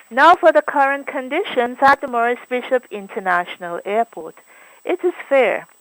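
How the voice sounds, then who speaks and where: Measured woman forecaster. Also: fairly high pitch, no echo, rough recording. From Grenada. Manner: clear, measured, cheerful delivery. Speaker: weather forecaster. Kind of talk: reading a weather report.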